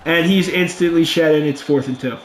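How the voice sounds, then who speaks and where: A young man calls a football video game in a high, excitable voice, dropping to quiet muttering and then shouting at big plays. The room is echoey, with a faint hum behind him. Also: fairly quick. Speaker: gaming YouTuber. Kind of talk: let's play commentary.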